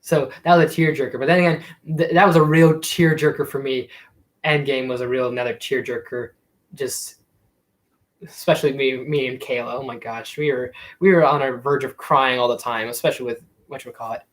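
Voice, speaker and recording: A man's voice: mid-range voice, steady tone, brisk, rough recording. A young man in casual live-stream chat, rambling with many fillers and restarts as he answers viewers. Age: young adult. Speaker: YouTube streamer.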